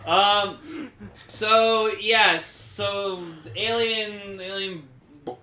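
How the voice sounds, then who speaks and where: A man's voice: sits high, fairly even intonation, sharp tone, slight background noise. A man co-hosting a podcast in casual chat, rambling, swearing freely and laughing as he talks. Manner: rambling, swearing, laughing, doing quick impressions. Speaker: podcast co-host. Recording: echoey room.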